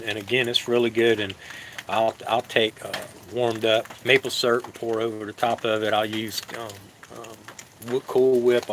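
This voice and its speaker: A man's voice: lowish voice, slight background noise, rough recording. Easygoing man chatting on a live stream. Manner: halting, easygoing, many fillers and restarts. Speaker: live-stream cooking host. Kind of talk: casual live-stream chat to viewers.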